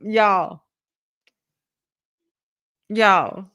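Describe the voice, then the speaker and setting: A woman hosting a live watch-along stream, reacting excitedly to the action and talking to her viewers. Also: mid-range voice, extremely slow.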